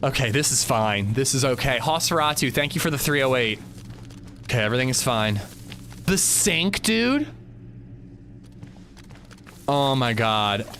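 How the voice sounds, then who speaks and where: A man's voice: mid-range voice, animated, unhurried, pauses often, a bit bright, a little hiss or hum. A man streaming a game live, nervously talking himself through a tense climb. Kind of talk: live gameplay commentary.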